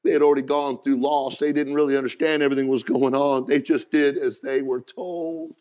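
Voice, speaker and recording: A man preaching a sermon as pastor, folksy in his wording, moving from hushed storytelling to shouted, rising preaching. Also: mid-range voice, little pitch movement, fairly quick. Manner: folksy, says "ain't" and "gotta".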